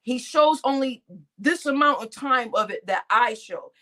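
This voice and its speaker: A woman's voice: high-pitched, animated, unhurried, pushed and bright. A woman hosting a live stream, laughing often and talking to her chat in crude slang. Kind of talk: casual live-stream commentary.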